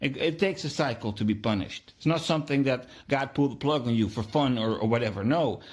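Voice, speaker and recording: A man's voice: mid-range voice, brisk, a little mellow. A man hosting a podcast, a delivering an emphatic, preachy religious monologue with lots of repetition. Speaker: podcast host.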